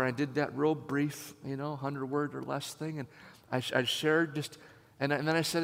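A man preaching a sermon as a lively story, acting out the people in it. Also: medium pitch, moderate pace. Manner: animated, acts out voices. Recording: long hall reverb.

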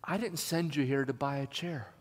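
A man voicing the Holy Spirit, speaking slowly, gently and firmly. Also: mid-range voice, close to an everyday voice. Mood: gentle. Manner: slow and gentle. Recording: long hall reverb.

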